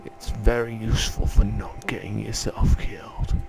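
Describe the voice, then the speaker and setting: A man voicing a gruff, condescending male tutorial instructor in a video game, barking instructions in a wandering mock Scottish accent. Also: fairly low pitch, a little slow. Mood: bossy.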